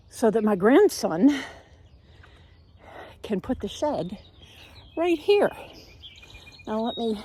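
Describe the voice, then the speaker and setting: An older woman, a home and garden vlogger, walks through a backyard outdoors filming on a handheld phone, chatting homespun-style in a casual walk-through vlog. Her voice is fairly high and a little mellow, with slight background noise.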